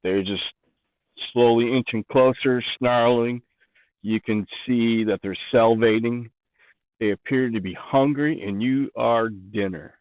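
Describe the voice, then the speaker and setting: A man narrating as game master for a tabletop game in a calm, matter-of-fact way. His voice comes through a thin, phone-like call line, dry with no room sound around it. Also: mid-range voice, measured pace, dry recording. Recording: dry, phone-like voice chat audio.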